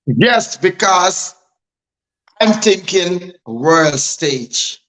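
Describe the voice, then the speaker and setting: High-pitched Guyanese man, blunt. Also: lively intonation, very slow, fairly bright tone, low-quality recording. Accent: Guyanese Creole. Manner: blunt, emphatic. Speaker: DJ and artist guest. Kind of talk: candid interview talk.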